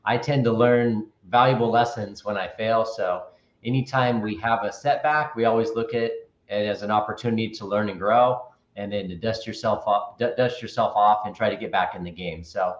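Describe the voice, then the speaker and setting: A man's voice: fairly low pitch, moderate pace. A man who is a guest on an interview show, giving upbeat, folksy advice over a remote call. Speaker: credit repair business owner, interview guest. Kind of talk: casual interview talk. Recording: dull, echoey remote audio.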